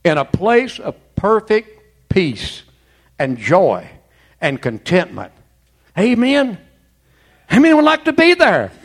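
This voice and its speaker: A man's voice: high voice, huge pitch swings, slow, creaky, long pauses. A man preaching a sermon as pastor, fervent and folksy, peppering his talk with amens and praise. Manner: folksy, colloquial storytelling.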